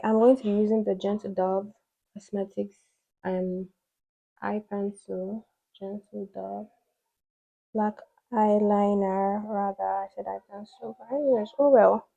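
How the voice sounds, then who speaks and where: A woman's voice: mid-range voice, steady tone, a little slow, gravelly, mellow, poor audio. A woman beauty vlogger chatting casually while doing her makeup, rambling with lots of "like" fillers and playful asides.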